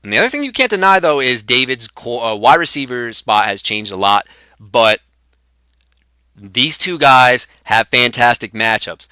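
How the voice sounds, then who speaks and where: A man's voice: medium pitch, expressive, normal speed, bright, forceful tone, clear, resonant tone, no echo. A young man hosting a comedy sports show with casual analysis and fillers. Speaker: host.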